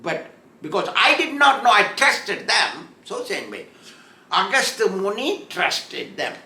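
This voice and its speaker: A spiritual teacher delivers a storytelling sermon, chuckling along and acting out the story's voices. He speaks slowly in a high, bright, very animated voice, and the room echoes.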